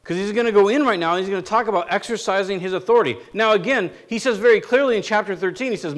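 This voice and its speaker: High-voiced man preaching conversationally. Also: fast, hardly any pauses. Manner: conversational preaching with rhetorical questions. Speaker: pastor. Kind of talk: sermon.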